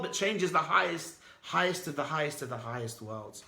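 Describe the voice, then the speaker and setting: A man, a rabbi, teaching a lively Torah class and acting out the people in his stories. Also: a little high, moderate pace, creaky, hardly any pauses. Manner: animated, dramatic storyteller who acts out quoted speakers.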